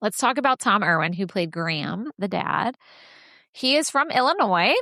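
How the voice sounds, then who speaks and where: A woman hosting a podcast, telling stories in an animated casual chat and laughing often. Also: medium pitch, normal speed, no echo, studio quality. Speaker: podcast host.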